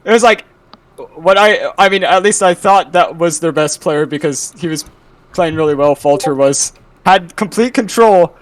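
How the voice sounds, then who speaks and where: Male player, higher voice, a bit off the mic, excitable, laughs a lot. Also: moderate pace, recorded from a distance, low-quality recording. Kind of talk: post-match interview.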